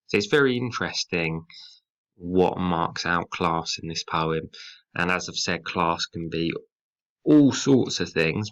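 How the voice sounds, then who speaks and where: A man teaching a recorded English lesson, explaining a poem line by line in a measured, explanatory way. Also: deep voice, pushed and bright, rough recording. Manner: explanatory, measured, occasionally slips into dialect when quoting.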